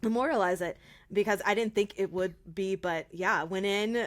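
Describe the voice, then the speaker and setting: A woman's voice: mid-range voice, moderate pace. A woman co-hosting a horror podcast, chatting casually and enthusiastically, laughing often. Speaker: podcast co-host. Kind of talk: casual chat.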